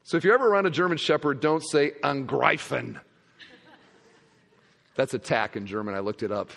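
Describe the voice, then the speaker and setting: Pastor guy preaching, kinda high voice, jokey storytelling, big echoey church hall. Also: fast. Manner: humorous, conversational, animated storytelling. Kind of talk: sermon with storytelling. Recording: long hall reverb.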